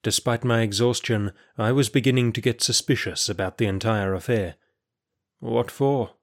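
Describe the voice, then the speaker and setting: Brief: male audiobook narrator, lowish pitch, measured first-person storytelling. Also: fairly even intonation, fairly bright tone.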